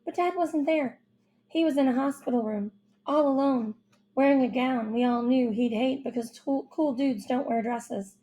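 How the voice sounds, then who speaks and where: Brief: female audiobook narrator, warm and mellow, slightly high, young-sounding first-person read. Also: moderate pace. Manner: expressive, childlike first-person storytelling.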